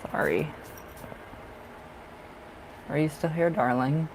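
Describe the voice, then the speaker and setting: A man doing tarot readings on a live stream, chatting casually and warmly to viewers, calling them darling and love and laughing often. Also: a little high, takes it slowly, a little hiss or hum, poor audio. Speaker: livestream tarot reader.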